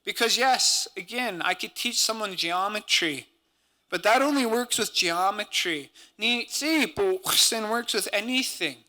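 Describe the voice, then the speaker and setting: Bright, high-voiced man giving a talk. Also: unhurried. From Montana, USA. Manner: earnest, conversational, peppered with native-language words. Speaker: symposium speaker and language teacher. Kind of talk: conference talk.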